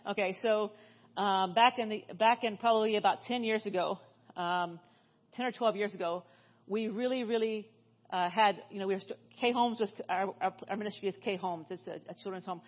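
A middle-aged woman preaching in church, telling stories in a loose, chatty way with frequent restarts. Her voice sits at a middling pitch, and the recording sounds a little dull. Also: fairly quick. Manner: chatty, with many restarts and fillers. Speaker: guest speaker. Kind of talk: storytelling sermon.

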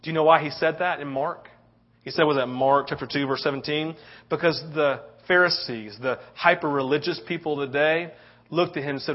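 A man's voice: fairly high pitch, steady tone, a little fast. A middle-aged man preaching a sermon, telling a story with lots of "right?" tag questions. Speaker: pastor. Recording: dull lo-fi sound.

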